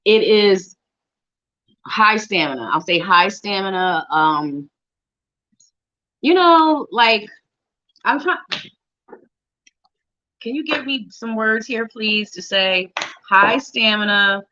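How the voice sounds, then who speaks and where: A woman's voice: medium pitch, slow, bright, forceful tone. A woman giving tarot readings on a live show, chatty and playful, talking straight to viewers by name and humming little tunes. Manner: hums and sings little tunes while shuffling. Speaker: psychic reader on a live show. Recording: dull lo-fi livestream audio.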